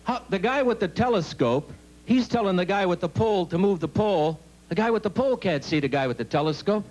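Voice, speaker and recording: A man on a TV studio stage, rambling through a deadpan stand-up routine and talking straight to the crowd. His voice sits a little high for a man, with a faint hum behind it. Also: fairly quick. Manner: rambling, deadpan storytelling with asides to the audience. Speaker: stand-up comedian. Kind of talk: stand-up comedy monologue. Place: TV studio stage with live audience.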